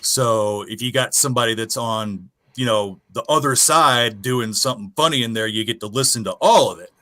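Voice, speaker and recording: Bright-voiced man telling a ghost story. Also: medium pitch, normal speed. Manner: profane, animated storytelling with acted quotes. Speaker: guest storyteller. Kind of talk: casual storytelling on a stream.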